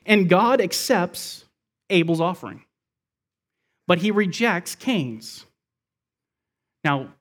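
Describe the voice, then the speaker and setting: Male pastor, higher-pitched voice, verse-by-verse sermon, soft drops at key lines. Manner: expository, explains scripture verse by verse.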